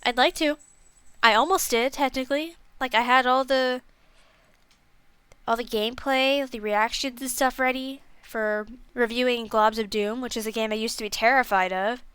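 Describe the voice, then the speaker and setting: A woman's voice: fairly high pitch, fairly even intonation, normal speed, fairly bright tone, clean tone, no room sound. Rambling young woman streamer. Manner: rambling, self-deprecating, lots of fillers. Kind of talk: casual game review chat.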